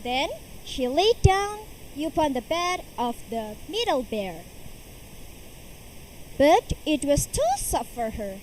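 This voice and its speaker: A woman's voice: sits high, slight background noise, poor audio. A young woman, performing a fairy tale as a storytelling contestant at a school competition. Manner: slow, expressive storyteller's delivery.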